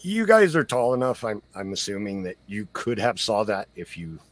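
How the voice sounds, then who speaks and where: A man's voice: lowish voice, big pitch swings, normal speed, no room sound. A man as dungeon master, explaining rules and scenes in an easygoing, hesitant way. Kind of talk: narrating a tabletop game.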